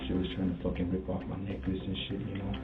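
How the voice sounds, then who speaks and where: A man's voice: low voice, monotone, fast. A man in his thirties, a murder suspect in a police interrogation, rambling with endless fillers and restarts. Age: 30s. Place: interrogation room. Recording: echoey, far-off, phone-like audio with loud music. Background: loud music.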